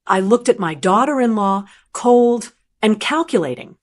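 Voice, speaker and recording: Calm older woman narrating a story. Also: medium pitch, unhurried. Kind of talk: scripted first-person story narration.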